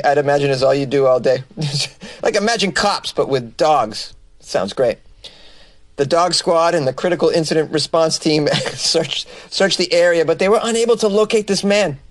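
A man's voice: on the high side, dry recording. A man hosting a comedy news podcast, reading odd stories and riffing on them with sarcastic asides.

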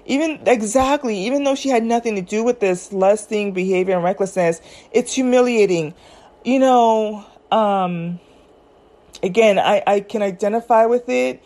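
A woman's voice: medium pitch, dark tone. A woman hosting a casual commentary chat, rambling and chatty, with many fillers and self-corrections. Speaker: podcast host. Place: at home, eating snacks.

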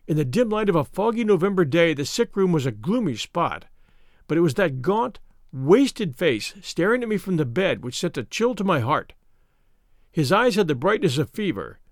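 A man reading a classic detective story aloud in first-person audiobook narration, measured and expressive. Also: a little high, no echo, clean studio sound.

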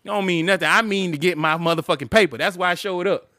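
A man co-hosting a casual podcast, ranting in a profane, animated way and laughing often. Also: high voice, fast, dry recording, clean studio sound. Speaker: podcast co-host.

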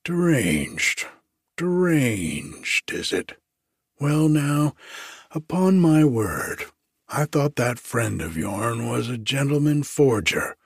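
Obsequious prison cook, male, husky and slow, raised a little in pitch, read by a man. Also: big pitch swings, no room sound, clean studio sound, full character voice. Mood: fawning. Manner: obsequious, gossipy, drawn-out.

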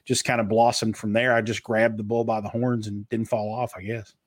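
A man's voice: fairly low pitch, flat delivery, a little fast, dry recording, studio quality. Middle-aged man with a slight Kentucky twang. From Eastern Kentucky. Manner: practiced broadcaster delivery, long flowing answers. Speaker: guest, author and marketer. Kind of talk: casual interview.

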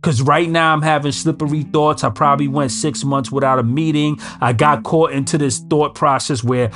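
A man's voice: a little high, fairly even intonation, moderate pace, fairly bright tone. A man giving blunt, emphatic recovery advice in casual street slang. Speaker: recovery speaker. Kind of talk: casual motivational talk. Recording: music in background. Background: guitar music.

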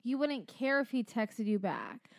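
A young woman with a high voice banters casually with her co-host. She teases and jokes quickly. The recording is close and dry. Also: big pitch swings, dry recording. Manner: teasing, quick-witted banter. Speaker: podcast co-host. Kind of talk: casual chat.

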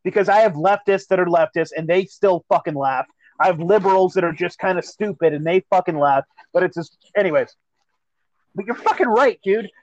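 A man co-hosting a casual podcast chat, telling stories in a profane, animated way. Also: high voice, fairly quick, no room sound, highs cut off. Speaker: podcast co-host.

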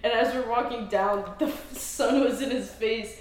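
A woman's voice: a little high, normal speed, roomy sound, slight background noise. A woman in casual podcast chat, reading items off a list and giggling between them. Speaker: tour crew member.

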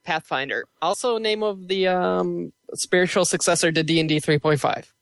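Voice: medium pitch, moderate pace, vocal fry, dry recording. A podcast co-host chatting casually and making wry, joking asides.

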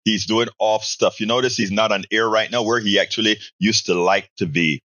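A man's voice: lowish voice, steady tone, normal speed, pushed and bright, no echo. A man hosting a casual podcast, reading out listener comments and answering them with strong opinions. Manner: opinionated, reads chat messages aloud and answers them. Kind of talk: casual live call-in commentary.

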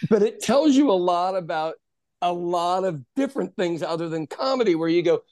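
Animated storytelling ex-comic, dry sound. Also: male voice, high voice, no echo. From Oklahoma. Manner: animated storyteller, swearing, quick asides. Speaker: podcast host, former stand-up comic. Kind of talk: casual storytelling chat.

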